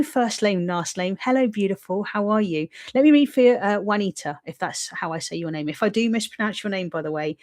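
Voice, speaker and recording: A woman with a somewhat low voice runs a live psychic reading for online viewers. She rambles warmly and reassuringly, full of ums, and keeps checking whether her words land with "okay?" and "does this make sense?". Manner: filler-heavy, rambling delivery. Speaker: psychic medium host.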